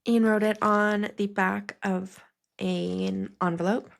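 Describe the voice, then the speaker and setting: Speaking slowly in a mid-range, level voice with vocal fry, a young female podcast host wanders casually through her own memories, filling the gaps with ums and likes. She breaks into tears now and then, laughing as she cries.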